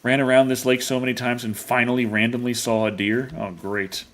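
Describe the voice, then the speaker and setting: A man's voice: medium pitch, flat delivery, brisk. A young adult man streaming a hunting game, rambling and jokey in casual commentary.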